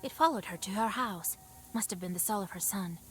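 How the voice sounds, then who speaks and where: An actress voicing a shrewd young village witch in a video game, calm and moralizing as she tells tales. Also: mid-range voice, brisk, faint music behind, natural voice. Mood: storytelling. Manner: knowing storyteller, calm and moralizing.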